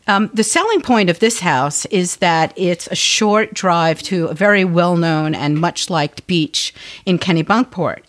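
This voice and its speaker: A middle-aged woman co-hosting a podcast, explaining things in a relaxed, conversational way with small fillers. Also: fairly low pitch. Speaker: podcast co-host, color designer. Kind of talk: casual podcast chat.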